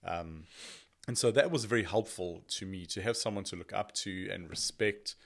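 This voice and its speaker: A man who is a podcast guest, telling his personal testimony as an animated, self-deprecating storyteller. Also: sits low, moderate pace, gravelly.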